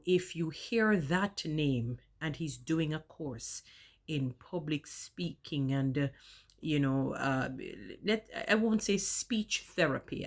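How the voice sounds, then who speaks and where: A woman talking casually in a vlog, choosing elaborate words and savouring how she says them. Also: low voice.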